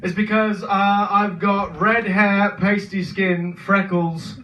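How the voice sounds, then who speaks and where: A young man with a Birmingham accent doing a deadpan, self-deprecating stand-up set in a comedy club. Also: sits high, slow, muffled recording, slight background noise. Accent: Birmingham English. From England. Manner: deadpan self-deprecating, many filler ums. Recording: roomy club sound from a distance.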